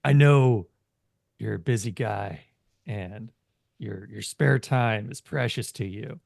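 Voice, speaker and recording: A man voicing an eager, pushy teenage boy who talks his friends into a concert in a fast, wheedling pitch during a tabletop game. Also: gravelly, a little mellow, dry recording, clean studio sound, heavily acted. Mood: coaxing.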